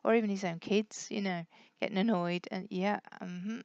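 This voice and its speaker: A woman's voice: medium pitch, steady tone, fairly quick, a little mellow, dry recording, highs cut off. A middle-aged woman talking casually to her family in a rambling, candid way, often correcting herself. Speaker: blogger addressing her family. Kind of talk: casual personal talk.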